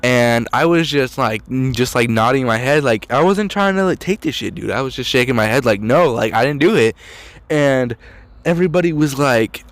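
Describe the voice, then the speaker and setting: A man's voice: mid-range voice, expressive, moderate pace, no echo. Rambling teen guy telling a story. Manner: rambling, heavy use of "like" and "dude". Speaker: storytelling vlogger. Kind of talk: casual storytelling.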